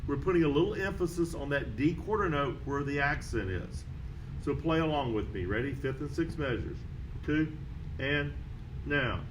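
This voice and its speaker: Man, band teacher, lesson walkthrough, calls out notes and counts, slightly high voice, faint noise. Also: animated, moderate pace, rough recording.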